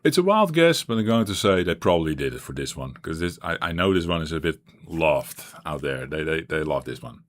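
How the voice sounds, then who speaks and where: A man streaming a retro game, thinking aloud and rambling with frequent restarts. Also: low voice. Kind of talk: live-stream gameplay chat.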